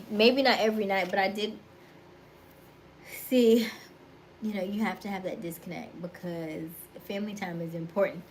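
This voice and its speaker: A woman's voice: on the low side, a little hiss or hum. Chatty woman with a Florida accent. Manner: chatty, laughs often, greets viewers by name. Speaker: livestream host. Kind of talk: casual livestream chat reading viewer comments.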